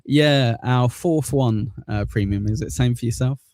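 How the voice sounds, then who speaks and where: A man's voice: medium pitch, a little slow, darkish tone, dry recording. A man from southern England with an accent close to Cockney, hosting a livestream and chatting casually through viewer comments in a rambling, laid-back way with casual swearing. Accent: southern English, near Cockney. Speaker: livestream host.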